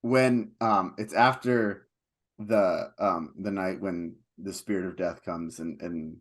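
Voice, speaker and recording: A man co-hosting a film podcast, talking casually and at length, getting animated when he retells scenes. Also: low-pitched, slow. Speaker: podcast co-host.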